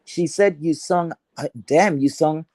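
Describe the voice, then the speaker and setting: A woman with a deep, heavy voice telling a personal story in a chatty, rambling way, full of fillers. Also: a little slow, mellow, no room sound, rough recording.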